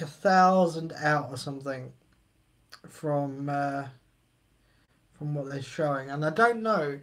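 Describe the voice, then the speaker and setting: Guy rambling on his live stream, jokey, kinda high voice. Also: a little hiss or hum. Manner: chatty, joking, rambling, reading chat aloud. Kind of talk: casual live stream chat.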